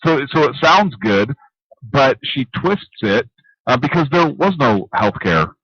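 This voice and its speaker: A man co-hosting a casual call-in radio show, sarcastic and laughing between remarks, with a husky voice. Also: mid-range voice, big pitch swings, a little slow, a bit bright, dry recording. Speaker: radio co-host. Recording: dull dry lo-fi stream audio.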